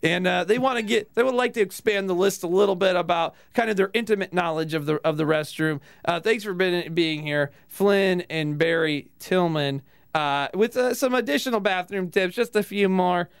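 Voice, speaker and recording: A man's voice: high voice, normal speed, vocal fry, smooth, no room sound, studio quality. A man hosting a comedy podcast, chatting casually with frequent fillers and laughter. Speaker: podcast host.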